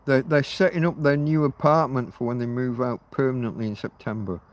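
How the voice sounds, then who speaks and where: A man's voice: medium pitch, steady tone, brisk. A middle-aged man hosting a casual livestream outdoors at night. He rambles, muses aloud and swears offhandedly. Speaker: livestream host.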